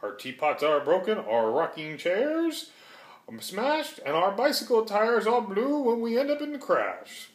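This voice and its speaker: A man voicing the tiny, polite mayor of a town on a dust speck, with a high, piping, earnest voice, reading a storybook aloud. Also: very animated, measured pace. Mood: shaken. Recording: roomy echo.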